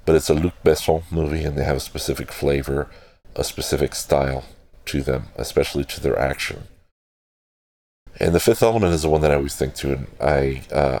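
This is a low, rumbling male voice with vocal fry and a darkish tone, recorded with no room sound. He's a podcast host giving loose, digressive film commentary, cursing often and fixing his own slips mid-sentence.

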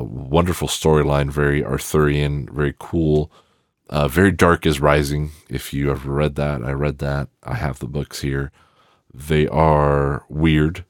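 This bass-voiced man is recorded in studio quality with no echo. He's a film reviewer giving rambling, casual commentary, swearing freely, full of fillers, and trailing off into restarts.

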